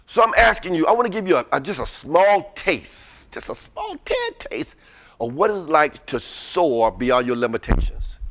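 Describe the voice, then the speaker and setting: High, lively-voiced motivational man. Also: a little hiss or hum. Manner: energetic, coaxing the audience to chant; casual, uses y'all. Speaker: presenter at a webinar. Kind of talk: motivational call-and-response talk. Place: presentation room with a live audience.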